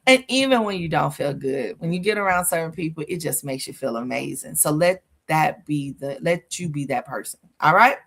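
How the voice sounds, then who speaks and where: Low, gravelly woman host. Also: normal speed, hardly any pauses. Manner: lively, sassy, laughs a lot, talks with the listener. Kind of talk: casual livestream coaching talk.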